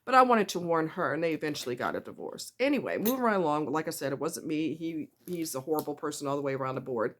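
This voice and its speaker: A woman's voice: sits low, expressive, quick pace, hardly any pauses, a bit bright. A woman telling a personal story in a casual vlog, blunt and emphatic, repeating herself for stress and speaking straight to the viewer. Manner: candid and conversational, with asides to the viewer.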